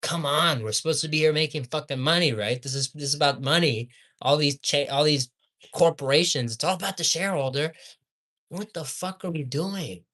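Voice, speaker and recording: Here a male fast food critic goes off in a profanity-laden tirade, alternating hot-tempered outbursts with muttered asides.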